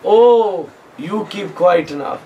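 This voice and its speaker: A man giving an animated devotional storytelling sermon at a retreat; he acts out voices and leads the chanting. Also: sits high, drawn-out words, lo-fi sound, a crowd in the background. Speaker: spiritual teacher. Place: retreat hall.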